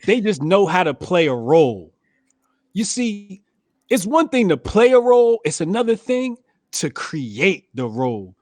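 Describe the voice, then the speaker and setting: Animated, laughing man co-host. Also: high voice, unhurried, dry recording. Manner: animated, laughs loudly and often. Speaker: podcast co-host. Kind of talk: casual chat.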